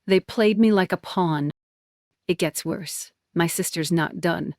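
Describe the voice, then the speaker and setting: Woman, 20s, intense first-person story narration, low-ish pitch. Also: a little slow, a little mellow, dry recording, studio quality. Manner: emotional, intense.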